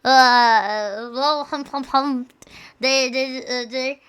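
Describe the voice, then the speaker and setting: A young adult woman streaming and chatting casually, loud, crude and joking, swearing often. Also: high-pitched, steady tone, extremely slow, smooth.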